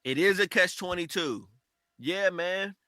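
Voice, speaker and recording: A man co-hosting a casual podcast chat, talking in an animated way and acting out quoted conversations. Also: high-pitched, unhurried, dry recording. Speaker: podcast co-host.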